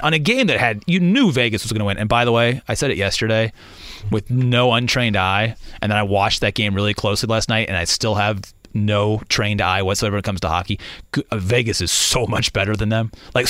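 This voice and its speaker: A man's voice: medium pitch, dry recording, clean studio sound. A man hosting a sports radio show, chatting casually and acting out quotes as he tells a story. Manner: animated storyteller, acts out deadpan quotes.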